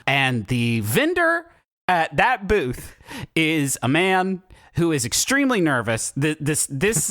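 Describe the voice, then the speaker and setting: A man co-hosting a podcast, retelling a movie scene in an excited, laughing, casual way. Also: fairly high pitch, dry recording, clean studio sound. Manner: excited storytelling, laughing, swearing. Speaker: podcast co-host.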